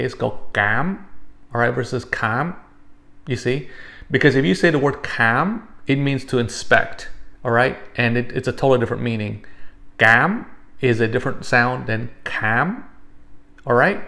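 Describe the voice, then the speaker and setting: Gravelly man teaching a language lesson. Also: medium pitch. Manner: explains patiently, many fillers and check-ins like "all right?". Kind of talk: casual spoken lesson.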